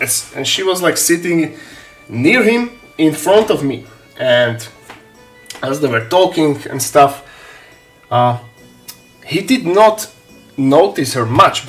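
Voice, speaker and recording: A man telling a story on a live stream, animated, swearing and laughing often. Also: fairly high pitch. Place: home hobby room.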